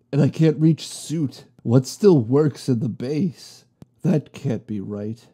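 A man's voice: medium pitch, mellow, breathy edge. A man voicing a worried agent who mutters to himself while fixing a broken base. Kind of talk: storybook reading.

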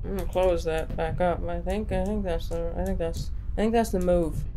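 A woman's voice: fairly low pitch, fairly even intonation, normal speed, music in the background. A woman playing a horror game on stream, jumpy and swearing, with nervous laughter. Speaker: let's play gamer.

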